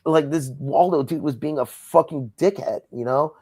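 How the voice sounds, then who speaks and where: A man's voice: on the high side, normal speed, darkish tone, slightly rough. A man who works as a wrestling promoter, from Southern California, ranting in a heated, profane way during a casual interview.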